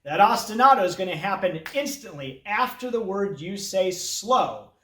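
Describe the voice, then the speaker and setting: A man teaches a children's music lesson and chants names along with a steady beat. His voice sits high and swings widely in pitch. The echo of the room comes through clearly. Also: moderate pace. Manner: lively, chanting names in rhythm over a metronome. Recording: roomy echo.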